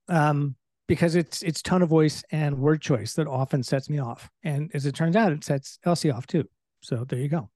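A man's voice: on the high side, normal speed, warm tone, dry recording, clean studio sound. A middle-aged man, a leadership trainer, explaining in casual conversation with everyday examples and candor about his own temper.

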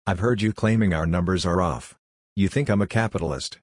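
A blunt, confrontational woman who runs a rough crew, as a male audiobook narrator reads her. The voice stays deep and husky, close and dry. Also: brisk, no echo. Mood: hostile. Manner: curt, confrontational. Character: blunt tough female crew boss.

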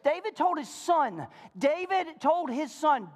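A man preaching a sermon as pastor, swinging between shouted highs and hushed lows, with playful jokes to the congregation. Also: moderate pace, big-room sound. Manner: animated preaching, swinging from high shouts to low murmurs; playful, joking asides to the congregation.

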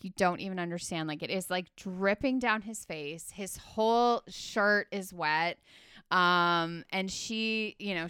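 A woman chats casually as she retells a film scene by scene, full of fillers and acting out the characters' lines. Her voice is on the low side but fairly bright, clear and resonant. The recording is clean studio sound with no room echo.

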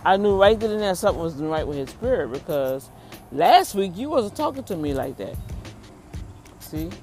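A woman casually telling viewers a personal story, animated, talking straight to the camera outdoors. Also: on the low side, normal speed, faint music behind. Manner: animated, acts out the people in her story, talks to the camera.

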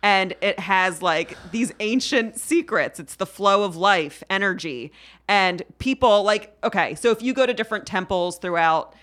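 A woman's voice: medium pitch, moderate pace, fairly bright tone. A woman guest on a casual podcast, chatting playfully and sometimes slipping into a mock-formal voice. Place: podcast studio in Queens.

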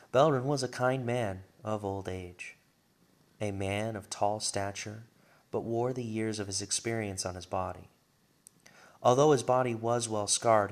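A man reading his own story aloud in a relaxed, chatty and expressive way. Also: fairly low pitch.

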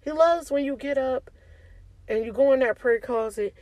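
A woman's voice: high-pitched, moderate pace, a little mellow, no room sound, low-quality recording. A woman giving an informal devotional talk to her online community, often asking "okay?" and speaking in a casual, preachy way. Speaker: faith speaker.

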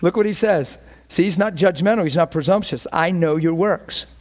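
A man's voice: sits high, normal speed, darkish tone. A male pastor preaching with passion, telling stories and acting out his own inner thoughts. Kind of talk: sermon.

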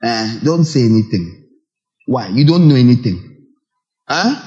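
A man preaching a sermon, animated, with rhetorical questions and acted asides. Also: medium pitch, unhurried, dull audio.

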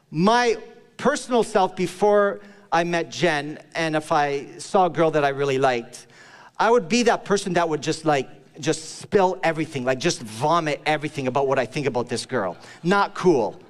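Male pastor, slightly high voice, playful storytelling sermon, sinks low and soft for the serious points, long church-hall reverb. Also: expressive, normal speed. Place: church service.

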